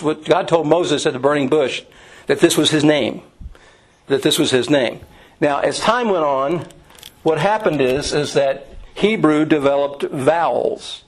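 A middle-aged man teaching an informal Bible class at a mid-range pitch. He talks conversationally, pausing on "um" and "uh" and restarting his sentences as he explains. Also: poor audio. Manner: conversational, with many fillers and restarts.

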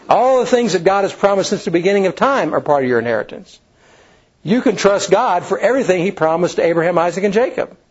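A man's voice: on the high side, darkish tone, breathy edge, muffled recording. A man preaching a sermon, acting out the scenes he tells. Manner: folksy storytelling, acts out the scenes.

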